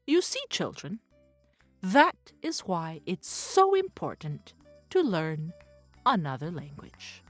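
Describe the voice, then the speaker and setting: Wise papa mouse in a storybook, as a woman puts him on, slow and lively. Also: on the low side, no echo, faint music behind, pitched below the performer's own voice, full character voice. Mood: proud. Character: clever father mouse, sleepy then brave.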